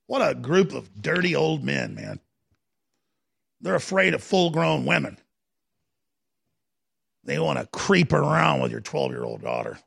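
A man's voice: sits high, gravelly, fairly bright tone. A male talk radio host delivering impassioned, digressive political commentary, piling up phrases and restarting sentences. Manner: impassioned, digressive, rapid-fire with repeated restarts.

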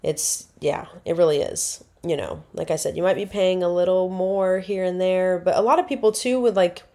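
A woman's voice: fairly low pitch, normal speed, warm tone. A woman, hosting a casual solo podcast and rambling chattily, correcting herself as she goes. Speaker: podcast host.

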